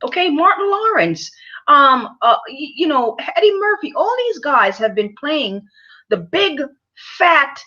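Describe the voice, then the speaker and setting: A woman vlogger giving her opinions to camera, halting with many fillers and repeated words, and lecturing her audience emphatically. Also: high-pitched, very animated, sharp tone, highs cut off.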